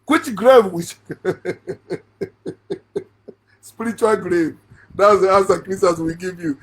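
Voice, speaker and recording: Slowly and in a high voice with a steady tone, a middle-aged man with a Nigerian accent ridicules a Bible passage online. He's sarcastic, laughs a lot, and builds up to shouting.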